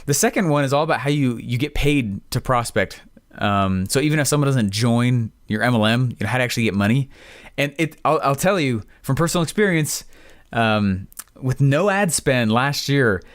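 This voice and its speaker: A man's voice: medium pitch, normal speed, no echo, clean studio sound. Rambling man telling a casual story. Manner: rambling, filler-heavy, excitable. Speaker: podcast host.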